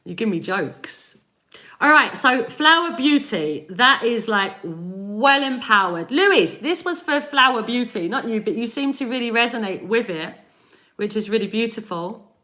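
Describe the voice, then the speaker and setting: Woman, energy healer, live-stream reading, encouraging, lively, sharp tone. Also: fairly high pitch, measured pace. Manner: animated and encouraging, laughs often; speaks directly to chat viewers.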